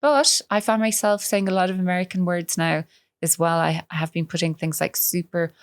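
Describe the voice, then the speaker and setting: A woman in her fifties with a Cork Irish accent, chatting as a podcast guest, laughing often and acting out quick quotes. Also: fairly low pitch, steady tone, clean tone, dry recording. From Ireland. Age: 50s. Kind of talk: casual chat.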